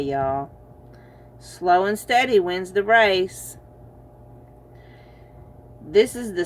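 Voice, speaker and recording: Slow-talking laughing tarot reader woman. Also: on the low side, a little hiss or hum. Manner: chatty and teasing, laughs often, addresses viewers as y'all. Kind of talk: casual pick-a-card tarot reading.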